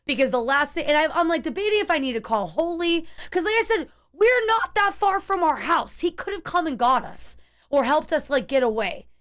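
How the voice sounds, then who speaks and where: High-pitched woman streamer rambling thru a story to chat, lots of like and restarts. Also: a little fast. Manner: animated, tense retelling with many restarts and "like".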